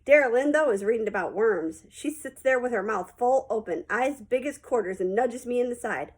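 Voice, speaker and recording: Woman, audiobook narration, folksy first-person storytelling, breathy, slightly high. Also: animated, moderate pace, rough recording. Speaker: audiobook reader.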